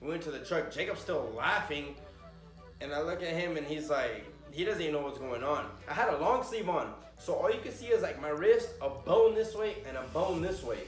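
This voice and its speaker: A man casually telling a story time, lively and swearing freely, punctuated with sound effects. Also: fairly high pitch, brisk. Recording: echoey room with faint music.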